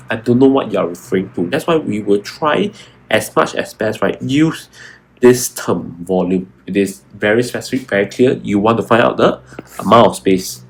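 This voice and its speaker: A man teaches an exam walkthrough, his voice sitting a little low. He talks in repetitive, emphatic bursts, circling back to key words again and again. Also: creaky, slightly rough. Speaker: science tutor.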